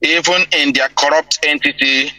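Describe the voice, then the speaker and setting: A man speaks as a guest on a radio program, courteous and formal, like he is delivering a speech. His voice is bright and pressed, recorded close and dry with no room sound. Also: fairly high pitch, steady tone, moderate pace, dry recording, rough recording. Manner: courteous, speechlike, long thanks.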